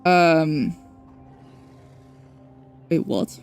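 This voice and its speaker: A woman's voice: low-pitched, extremely slow, a little mellow, clear, resonant tone, soft background music. A young woman streaming a game, chatting casually and rambling, correcting herself and swearing now and then. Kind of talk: casual livestream chat.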